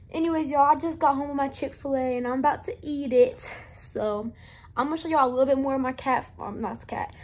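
A woman's voice: high voice, a little mellow. A teenage girl vlogging her school day to viewers on a phone camera, talking in a loose, slangy, chatty way. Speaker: student vlogger. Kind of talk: casual vlog chat to camera.

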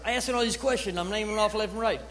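A man, an evangelist telling his testimony in a church revival sermon, building from storytelling to shouted praise. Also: high voice, fast, slight background noise, rough recording.

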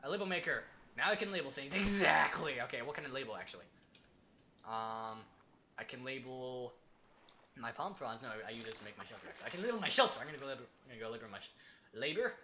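A young man casually commenting as he plays a survival game, chatty and excitable, talking to himself and the objects in it. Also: mid-range voice, fast talker, a crowd in the background. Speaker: gaming YouTuber. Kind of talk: casual let's-play commentary.

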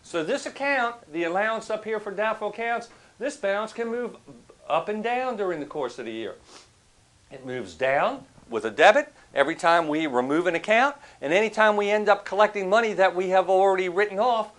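A man's voice: sits high, lively intonation, moderate pace, a bit bright. A male professor giving a recorded accounting lecture, speaking conversationally, asking the class questions and telling anecdotes to make his points.

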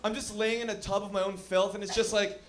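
A man's voice: high voice, flat delivery, fast talker. A man doing a stand-up comedy set in a lounge, rambling and swearing with many fillers. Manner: rambling, profane, frequent fillers.

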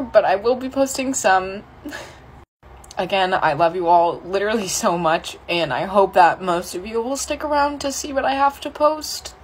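A woman who makes short videos, speaking candidly and earnestly to her followers with a slightly halting delivery. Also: on the low side, a little hiss or hum. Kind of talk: candid spoken announcement to followers.

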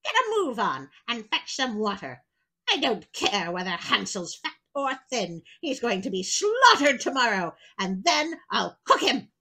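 A woman's voice: high-pitched, big pitch swings, a little slow, pushed and bright, husky, pitched above the performer's own voice, exaggerated voice. A woman voicing a wicked old witch who gloats and shrieks as she gives orders. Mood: snapping.

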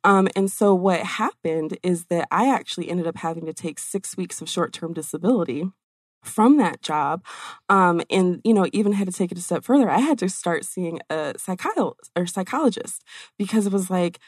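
A woman business coach telling her story in an interview, in a chatty, animated way with many fillers. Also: fairly low pitch, moderate pace, no room sound, studio quality.

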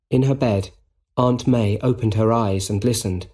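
Slow husky male storyteller. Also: on the low side, steady tone, darkish tone. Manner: clear, deliberate reading. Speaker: narrator. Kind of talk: slow storybook reading for English learners.

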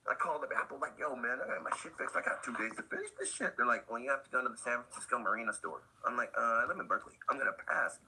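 A man guesting on a skate podcast, telling a story in animated, slangy casual talk and acting out the other people's voices. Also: racing, hardly any pauses, husky, poor audio. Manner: acts out quoted voices, swinging high and low; laid-back slangy talk with laughs.

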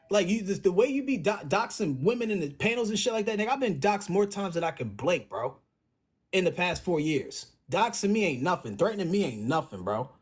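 A man's voice: high-pitched, very animated, a little fast, slightly rough. A young man in a heated casual live stream chat, slangy and indignant, talking through a phone.

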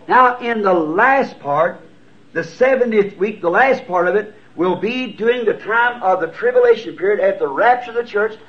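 A man in his fifties with a Southern US accent, preaching a sermon and answering written questions in an earnest, folksy, self-deprecating way. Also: sits high. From United States. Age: 50s. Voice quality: old, lo-fi tape recording. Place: church sanctuary. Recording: dull lo-fi tape recording. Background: congregation answering amen.

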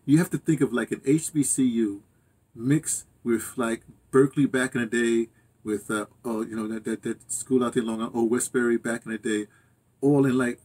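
A man's voice: mid-range voice, fairly even intonation, normal speed, a little mellow. An older man rambling through a casual monologue as host of his own channel, interrupting himself and chuckling at asides. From United States.

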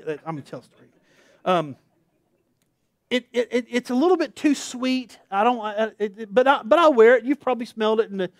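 Middle-aged male pastor, high-pitched, dry close-miked delivery; a humorous storyteller who pokes fun at himself from the pulpit. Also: dry recording. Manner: storytelling, self-deprecating, laughs at himself. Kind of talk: sermon.

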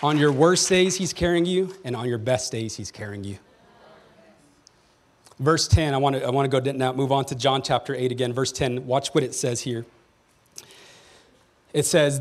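Man preaching a sermon, mid pitch. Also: steady tone, moderate pace, pauses often. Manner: preaching with rising emphasis and calls to the congregation. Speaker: pastor. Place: church sanctuary.

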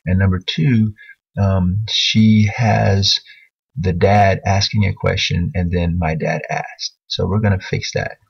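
A man's voice: low-pitched, fairly even intonation, takes it slowly, vocal fry, breathy edge, highs cut off. A man teaching a writing lesson over a screen recording, patiently correcting a student's work as he thinks aloud.

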